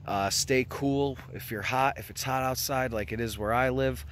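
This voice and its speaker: A man's voice: medium pitch, moderate pace, a bit bright, slight background noise. A man from the United States vlogging in casual chat, talking loosely and swearing, with many fillers. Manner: casual, profane, many fillers like "you know".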